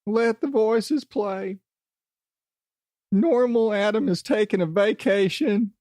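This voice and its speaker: A man putting on a gruff Scottish-ish character voice while he rambles on his podcast. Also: sits high, normal speed, no echo, studio quality, pitched above the performer's own voice, close to an everyday voice. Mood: manic. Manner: brogue-tinged, theatrical, rambling.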